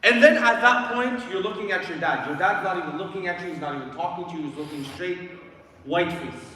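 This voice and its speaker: A man's voice: on the high side, steady tone, fast, fairly bright tone. A man from Canada giving a guest sermon in a mosque, telling a vivid story and addressing the crowd directly with dramatic build-ups. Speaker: guest lecturer. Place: mosque prayer hall. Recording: echoey hall from far off with faint noise.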